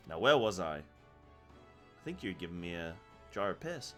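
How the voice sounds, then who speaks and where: A man streaming a game, chatting casually and excitably with his viewers. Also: sits low, measured pace, pauses often, faint music behind. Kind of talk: casual live game commentary.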